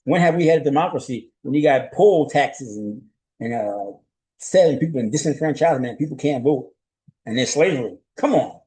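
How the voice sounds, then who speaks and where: The audio is poor, but the voice is mid-range, warm and animated at a moderate pace. Delivering a solo recap, the journalist-host keeps things conversational and rhetorical, often asking "right?" and chuckling.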